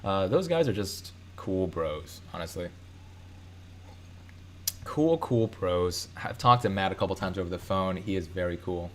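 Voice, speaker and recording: A man's voice: low-pitched, a little slow, fairly bright tone, a little hiss or hum. A man from Chicago hosting a live stream, reading out viewer comments in a loose, rambling way with many fillers and self-corrections.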